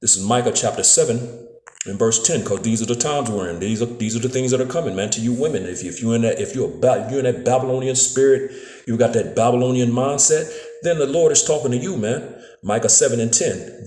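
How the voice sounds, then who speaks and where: A man's voice: medium pitch, a little fast, dark tone, echoey room. A man giving a casual, phone-recorded scripture lesson, filling his talk with "man" and "you know what I'm saying" and stumbling over repeated words. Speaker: preacher. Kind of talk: street-style scripture lesson.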